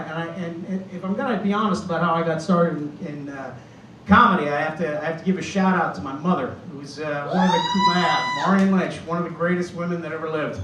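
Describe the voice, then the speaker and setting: A man's voice: on the high side, noisy background. A man in his fifties from Boston doing a stand-up set on a club stage, rambling and self-deprecating. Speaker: stand-up comedian. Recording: roomy club, from far off.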